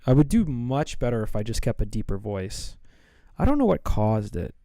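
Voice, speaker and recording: A man's voice: medium pitch, sing-song, moderate pace, warm tone, dry recording. A man chatting casually on a live stream while he draws, rambling and playful as he thinks aloud.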